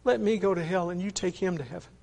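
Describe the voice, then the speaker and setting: Guy putting on a grown man crying out in prayer, choked up and pleading, voice pushed way up high and gravelly. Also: fast talker, darkish tone. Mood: desperate pleading. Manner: choked, pleading, breaking into higher pitch.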